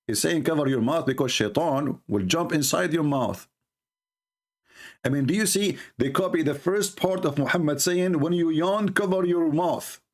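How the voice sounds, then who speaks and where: A man's voice: fairly high pitch, moderate pace. A man giving a sarcastic, mocking monologue as a religious debater, full of scornful rhetorical questions.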